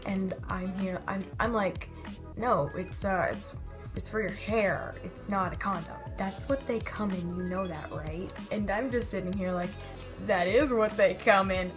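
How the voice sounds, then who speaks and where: A woman's voice: medium pitch, unhurried, music in the background. A young woman vlogger telling stories casually, rambling and interrupting herself as she acts out quotes. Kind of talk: casual storytelling vlog.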